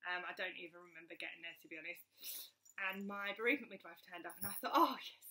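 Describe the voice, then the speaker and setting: Woman, 30s, casual vlogger, animated storyteller, crisp bright tone. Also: fairly low pitch, fast talker. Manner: chatty, animated retelling with many fillers. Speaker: mother telling her birth story. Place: at home with her young child.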